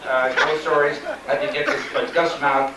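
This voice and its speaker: An elderly man, a retired pitcher, telling a rambling, chuckling anecdote at a live event. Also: level tone, normal speed. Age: older. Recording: echoey room, distant mic, loud crowd and noise.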